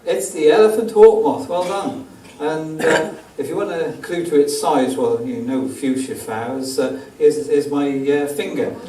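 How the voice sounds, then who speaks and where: A man's voice: a little high, steady tone, a little slow, dark tone. A man giving a rambling, self-deprecating slide talk about moths to a club audience, with many ums along the way. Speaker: guest speaker, wildlife photographer. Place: theatre auditorium. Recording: echoey hall from far off, faint hiss.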